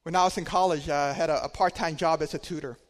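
Man, preacher, sermon storytelling, slightly higher voice, shifts loud and soft. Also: steady tone, fast talker, in a large hall. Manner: conversational storytelling with dynamic loudness swings.

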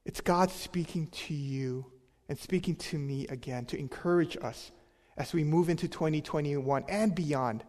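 Guy preaching, kinda high voice, big echoey hall, goes loud then almost whispers. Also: unhurried. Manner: emphatic, dropping to soft near-whispers on key words. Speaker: pastor. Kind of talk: sermon.

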